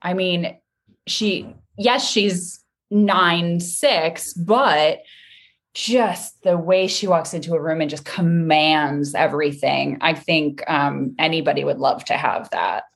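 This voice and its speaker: A woman being interviewed as a guest actress, chatting lively and laughing often. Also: sits low, slow, vocal fry. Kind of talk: casual interview chat.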